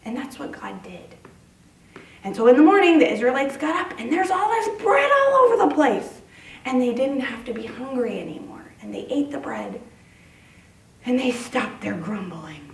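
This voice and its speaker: A woman pastor giving a sing-song, animated children's sermon to preschoolers in a church. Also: sits high, moderate pace, creaky, reverberant, recorded from a distance, slight background noise, poor audio.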